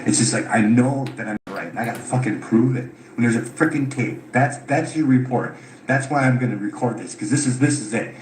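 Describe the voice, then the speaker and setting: A man's voice: mid-range voice, fairly quick. A tired, frustrated man recounting his grievances, swearing often as he talks. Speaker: caller telling his story. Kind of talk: unscripted recorded account. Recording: echoey room with loud background noise.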